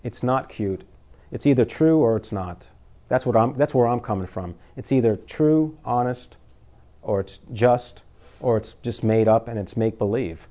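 A man with a medium-pitched voice preaching to his congregation in a loose, chatty way. He throws out rhetorical questions and sometimes laughs at his own jokes, then slows down to read scripture. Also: mellow. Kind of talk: informal sermon.

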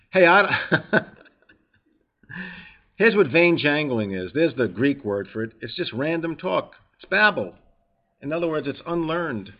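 A man's voice: on the high side, muffled recording. A man with a New York accent preaching a sermon, reading scripture aloud and explaining it in an emphatic, conversational way.

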